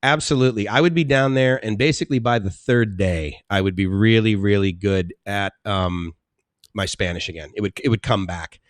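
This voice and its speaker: Rambling, chatty man with a low voice. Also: steady tone, normal speed, no room sound, studio quality. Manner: rambling, chatty, laughs often, restarts. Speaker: live stream host reading chat. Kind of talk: casual live stream chat.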